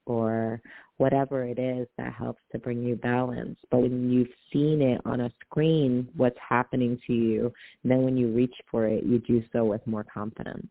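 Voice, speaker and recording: Flat, gravelly woman guest on a phone line. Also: very deep voice, moderate pace, no room sound. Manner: enthusiastic, filler-heavy, laughs often. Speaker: guest, aura photographer. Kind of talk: casual interview chat.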